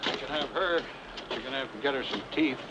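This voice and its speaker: A man's voice: medium pitch, fast talker, lightly acted. An actor playing a shrewd frontier man bargaining in an old western film. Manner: wheedling, dealmaking. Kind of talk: 1970s western film dialogue. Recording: dull old film audio with hiss.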